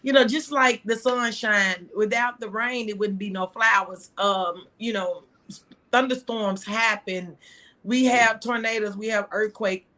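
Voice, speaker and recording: A woman's voice: mid-range voice, steady tone, unhurried, bright, forceful tone. An older woman, a grandmother guest, talking reflectively in a casual chat.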